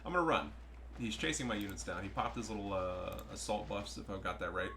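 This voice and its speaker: A young man giving casual, profane, excitable commentary over his own strategy game match. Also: on the low side, brisk, creaky, noisy background. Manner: profane, excitable, trash-talking. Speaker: gameplay commentator.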